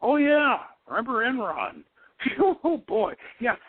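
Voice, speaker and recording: A man's voice: very high-pitched, wildly swooping pitch, takes it slowly, breathy edge. An older man hosting a call-in radio show, rambling and repeating words as he muses, with frequent chuckles. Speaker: radio host. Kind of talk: call-in radio talk on occult philosophy. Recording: dry tinny phone-like radio sound.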